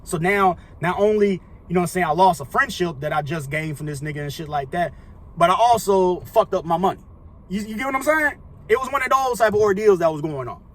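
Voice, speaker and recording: A man's voice: sits high, lively intonation, brisk. A young man telling a casual storytime monologue, rambling and profane, full of slang fillers. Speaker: storyteller vlogger.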